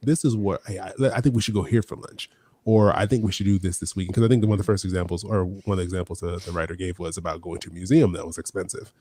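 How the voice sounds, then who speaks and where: A man's voice: sits low, fairly even intonation, fast, dark tone, breathy edge. A man co-hosting a casual live chat, laughing often and playfully teasing his co-host. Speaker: podcast co-host.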